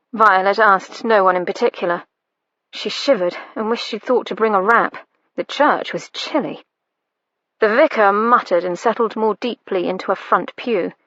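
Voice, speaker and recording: A woman narrating an audiobook with a slow, unhurried delivery. Her voice is bright and clear, recorded close with a dry sound and slightly dull quality. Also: medium pitch, no echo. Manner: slow, measured reading. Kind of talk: scripted narration.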